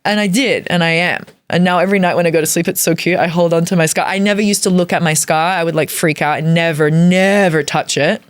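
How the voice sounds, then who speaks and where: A woman's voice: lowish voice, fairly even intonation, fast, few pauses, no echo. A woman comedian, telling a personal story with swearing and vivid retelling in a casual podcast chat. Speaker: comedian guest.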